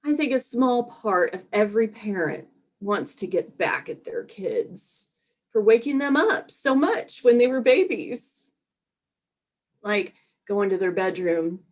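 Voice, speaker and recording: Slow, wry woman doing stand-up. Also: mid-range voice, lively intonation, darkish tone. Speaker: stand-up comedian. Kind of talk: stand-up comedy set.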